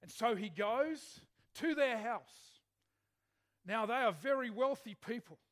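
A male preacher with a notably high voice gives a relaxed, conversational sermon. He keeps turning questions back to his congregation as he tells a story. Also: takes it slowly. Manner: chatty, asks the congregation questions. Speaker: pastor.

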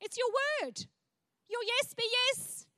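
An Australian woman delivers a sermon from a church stage in a very high voice. The sound is dry and close, with no room echo. She preaches in a chatty, frank way, breaking off for asides. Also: takes it slowly, bright, forceful tone. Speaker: pastor.

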